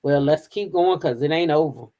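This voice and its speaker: A woman's voice: low-pitched, moderate pace, lo-fi sound, noisy background. A woman hosting a casual commentary show, sassy and emphatic, often repeating herself. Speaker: host.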